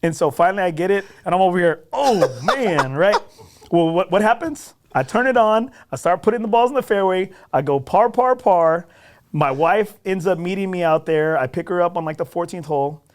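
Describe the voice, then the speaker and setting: Man, podcast guest, casual storytelling, animated, self-deprecating, slightly high pitch. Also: brisk. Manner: animated, self-deprecating, often adds "right?".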